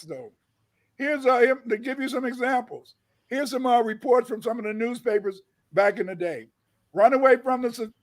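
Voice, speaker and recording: A man with a strikingly high voice delivers a lecture, reading old notices aloud. He restarts and stutters often, repeats his points, and booms out the words he wants to stress. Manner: booming emphatic bursts on key words, repeats himself.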